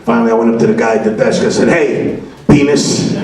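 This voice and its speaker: A man's voice: lowish voice, monotone, rapid-fire. A male stand-up comedian, telling brash, profane stories in a comedy club set. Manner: brash, profane, acts out voices, shouts punchlines. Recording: very echoey club from a distance, crowd laughter. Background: audience laughing.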